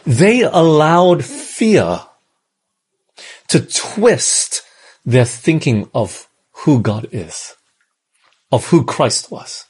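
An Australian-raised man delivers a sermon in a very husky, rough voice pitched at an ordinary male level. His delivery is conversational and sing-song, very slow and a little mellow, with frequent pauses as he keeps putting questions to his listeners.

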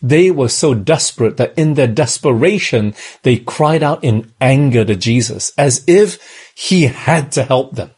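A man who grew up in Australia preaches a sermon. His voice is very husky and rough, at an ordinary pitch for a man. He talks in a conversational way and keeps turning to the listeners with questions. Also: animated, measured pace, a little mellow.

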